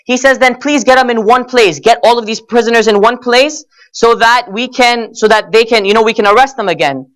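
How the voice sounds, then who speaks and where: With an extremely high pitch and a fairly quick, slightly bright delivery, a young man sermonizes at a Muharram gathering. Earnest and direct, he tells a story, calls everyone brothers and sisters, and says "you know" often.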